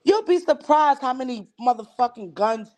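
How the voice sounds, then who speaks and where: A woman's voice: sits high, lively intonation, normal speed, a little mellow. A woman hosting a livestream, talking bluntly and emphatically and swearing heavily. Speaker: livestream host. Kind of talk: casual chat.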